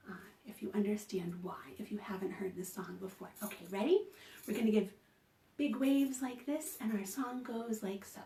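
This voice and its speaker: High-voiced woman gently leading a children's story time. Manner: slow, gentle, sing-song and encouraging, talking to small children. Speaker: children's librarian. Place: at home. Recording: roomy home video call audio from a distance.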